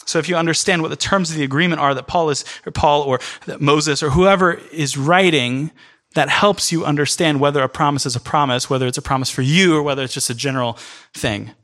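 A man preaching a sermon in an earnest, emphatic way, speeding up in bursts and then slowing down. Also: fairly high pitch, a bit bright. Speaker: pastor. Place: church in New York City.

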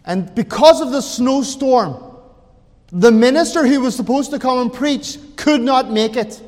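Slow-speaking preacher in a reverberant hall. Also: male voice, extremely high pitch. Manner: slow, dramatic, swings between quiet and loud. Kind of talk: sermon storytelling.

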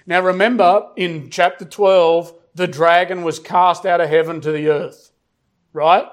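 A middle-aged man delivers a sermon in a fairly high voice. He hammers key words through repetition, and he drops into a slow, weighty cadence whenever he reads scripture. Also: steady tone. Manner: emphatic, repeats phrases, slows down for scripture. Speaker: pastor.

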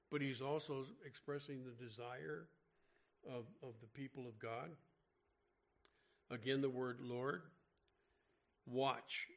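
A man's voice: on the high side, fairly bright tone. Man teaching a Bible study sermon. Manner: conversational, frequent restarts and filler words. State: mentions having an irregular heartbeat.

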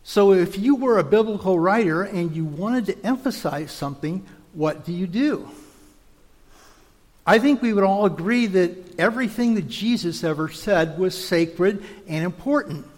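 A man preaching a teaching sermon, measured and explanatory, now and then restarting a word. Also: high voice, lively intonation, in a large hall.

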